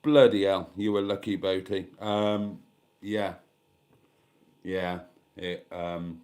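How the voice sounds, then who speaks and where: A deep, darkish male voice delivers flatly, taking his time and pausing often. Stuffy with a head cold, he chats casually on a live stream from inside a caravan with a gas fire, reading comments aloud and mocking himself drily.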